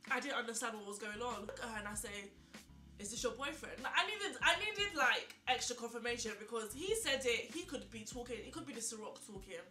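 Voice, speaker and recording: Bright, animated young woman vlogger. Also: fairly high pitch, quick pace, hardly any pauses. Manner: animated, incredulous, lots of "like" and repeated questions. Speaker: beauty vlogger. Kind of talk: chatty get-ready-with-me storytelling. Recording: echoey room, faint music.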